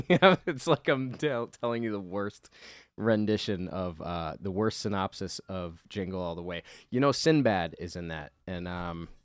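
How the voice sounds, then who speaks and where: A man's voice: sits low, no room sound, clean studio sound. A man giving rambling, self-deprecating voice-over commentary on his drawing, swearing casually. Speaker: artist, channel host.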